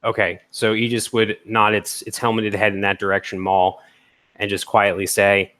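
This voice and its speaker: A man's voice: lowish voice, level tone, normal speed, fairly bright tone. A man playing a tabletop game, casually describing what his character does and checking details with the game master. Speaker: player.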